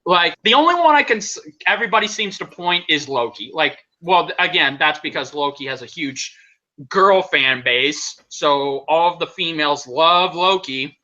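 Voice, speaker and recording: A man hosting a podcast in casual chat, excitable, laughing often and breaking off mid-sentence to restart. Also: fairly high pitch, moderate pace, dull audio. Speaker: podcast host.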